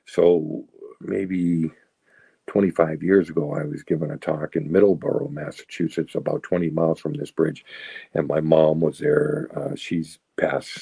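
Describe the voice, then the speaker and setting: A man's voice: very deep voice, vocal fry, warm tone, slightly rough, no echo. A man in his sixties from south of Boston, telling his recovery story in a candid, rambling way and often checking in with "right?" and "you know". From south of Boston, USA. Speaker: guest sharing recovery story.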